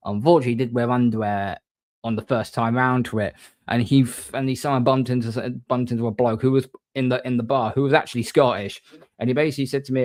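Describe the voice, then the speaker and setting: A man hosting a casual livestream, reading viewer comments and giving shout-outs in a rambling, chatty way. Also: mid-range voice, fairly even intonation, quick pace, dry recording. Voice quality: rambling, frequent restarts, mate-and-bro shout-outs. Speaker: livestream host.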